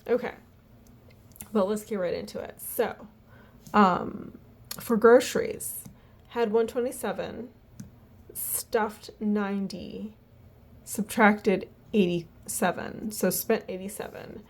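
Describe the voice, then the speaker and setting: A woman walking through her family budget in a casual, halting way, tired and yawning, with lots of fillers. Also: medium pitch, fairly even intonation. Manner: chatty, halting, many fillers and restarts. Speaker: budgeting vlogger.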